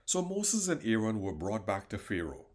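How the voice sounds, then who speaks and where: Man reading the bible out loud, dramatic, pitch going up and down a lot. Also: huge pitch swings, moderate pace. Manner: dramatic, emphatic narration. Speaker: Bible reader. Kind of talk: expressive scripture reading.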